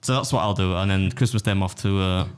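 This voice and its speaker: A man's voice: low voice, fast talker, clear, resonant tone. A man hosting a casual podcast, rambling and teasing and laughing often. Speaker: podcast host. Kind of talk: casual banter.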